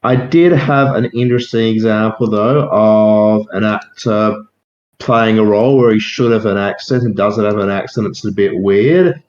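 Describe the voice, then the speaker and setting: A man co-hosting a casual film-discussion podcast who explains his points deliberately and without hurry. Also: on the low side, fairly even intonation, a little mellow. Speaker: podcast co-host. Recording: dull, echoey lo-fi sound.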